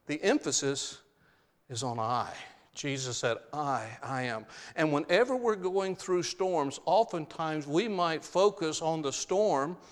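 A man's voice: a little high, long reverb tail. A man preaching a sermon, stressing key phrases by repeating them.

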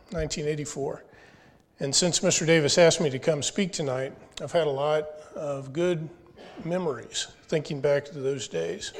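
A man's voice: on the high side, a little mellow, in a large hall. Earnest man giving a graduation speech. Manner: earnest, folksy, jokes with the audience. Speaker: graduation speaker. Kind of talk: commencement address. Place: school or church hall.

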